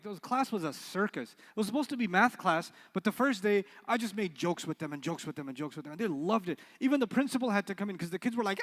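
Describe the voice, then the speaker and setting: Animated high-voiced man teaching in a hall. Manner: animated, acts out quoted voices, asks the class questions. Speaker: Arabic teacher. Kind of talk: lecture with storytelling.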